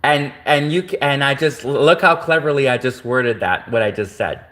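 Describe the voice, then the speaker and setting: A man's voice: medium pitch, normal speed, a bit bright. A man from Canada, ranting in a rambling livestream monologue that keeps repeating itself and circling back to the same points.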